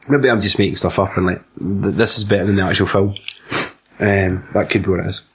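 A man's voice: sits low, fairly even intonation, brisk. A man with a Scottish accent, chatting casually and swearing while reviewing a film with a friend. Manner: sweary, laughing, does silly quoted voices. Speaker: podcast co-host.

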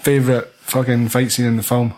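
A man's voice: mid-range voice, flat delivery, a little fast, a little mellow. A Scottish man chatting casually about a film, swearing freely and rambling between thoughts. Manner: sweary, rambling, laughs often.

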